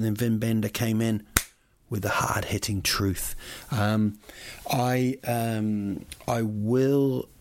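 A man's voice: fairly low pitch, no echo. A man hosting a solo podcast, rambling through listener questions with jokey, playful asides. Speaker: podcast host. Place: lives in Sweden.

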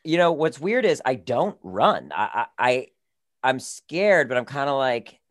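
A man's voice: mid-range voice, sing-song, measured pace. A man in a casual chat, thinking aloud as he answers quiz questions.

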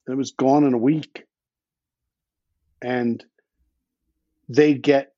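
A man's voice: mid-range voice, dark tone, dry recording, muffled recording. A man speaking as a podcast guest in casual conversation, blunt and opinionated, swearing now and then, often restarting his sentences, while he has the hiccups. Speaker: podcast guest, underwater explorer.

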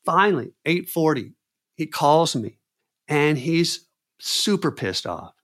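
Male storyteller, slightly high-pitched, animated, repeats himself for emphasis. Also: slow. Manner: animated, repeats words and phrases, acts out quoted voices. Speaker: clown performer telling a story. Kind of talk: personal storytelling.

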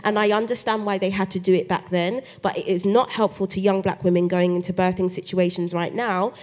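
A woman's voice: medium pitch, fairly quick. A woman, a guest author telling her story in a live podcast interview, acting out the voices of others as she goes. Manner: animated storytelling, acts out quoted voices. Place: live festival stage.

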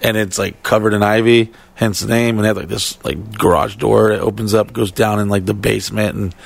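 Gravelly man telling a rambling story. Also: on the low side, steady tone, brisk. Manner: rambling, heavily profane, many fillers. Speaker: podcast storyteller. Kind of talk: casual storytelling chat.

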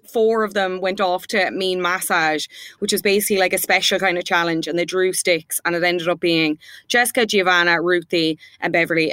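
A young woman co-hosting a casual chat podcast, gossiping about a reality show and acting out quotes in high voices. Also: fairly bright tone, clear, resonant tone, no room sound. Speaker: podcast co-host.

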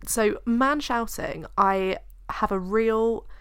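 A woman's voice: a little high, takes it slowly, fairly bright tone, clear, resonant tone, no room sound, clean studio sound. A British woman co-hosting a podcast, chatting in a rambling, candid way and swearing freely. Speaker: podcast co-host. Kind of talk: casual chat.

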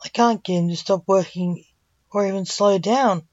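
A woman's voice: medium pitch, normal speed, darkish tone, dry recording, close to an everyday voice. A woman reading the lines of a fretful male assistant, worried and explaining, on a dull recording.

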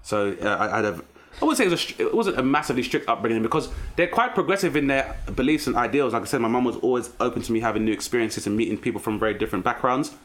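London man, 30s, quick comic storyteller being interviewed. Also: mid-range voice. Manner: animated storyteller, acts out strict relatives. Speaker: comedian guest. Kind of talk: casual podcast interview.

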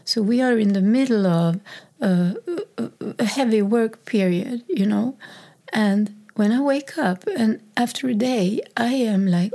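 Slow-spoken woman sharing a raw story. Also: mid-range voice, mellow. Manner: halting, raw, reflective, with restarts. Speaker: speaker sharing a personal story. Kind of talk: personal testimony.

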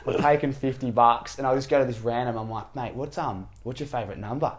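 A young Australian man telling a story on a podcast. His voice is mid-pitched, and he shifts between hushed asides and loud, laughing bursts as he tells it. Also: fast talker. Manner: animated storytelling, laughing, slangy. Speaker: podcast host. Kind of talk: casual chat.

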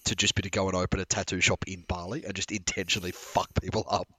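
A man co-hosting a podcast, telling stories in an animated, swearing way. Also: low-pitched, quick pace, a little hiss or hum. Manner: animated, profane storyteller. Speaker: podcast co-host. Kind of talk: casual storytelling chat.

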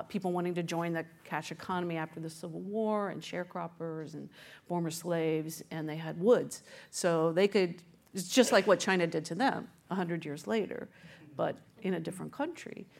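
A woman author and journalist recounting how she found a story, chatty and animated, with many fillers. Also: on the low side. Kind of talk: conversational storytelling interview.

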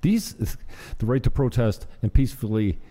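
A man's voice: mid-range voice, sing-song, normal speed, mellow. A man hosting a casual political chat, sarcastic, often laughing and trailing off mid-sentence. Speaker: host.

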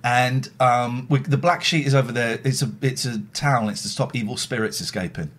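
A man's voice: medium pitch, normal speed, fairly bright tone. A middle-aged man hosting a casual livestream, telling rambling, self-mocking stories and swearing freely. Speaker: livestream host. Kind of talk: casual chat.

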